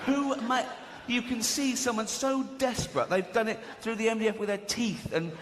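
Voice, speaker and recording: An English man doing a stand-up comedy set, swinging into high squeaky exclamations and quick impressions. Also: steady tone. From England. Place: large theatre stage before a laughing audience. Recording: live hall recording with audience noise.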